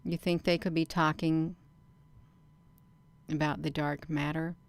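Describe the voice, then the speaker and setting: A low-pitched woman speaks in a level, unhurried tone as she reads a document aloud for her channel. She comments casually, stresses words, repeats phrases and often addresses the audience as "you all".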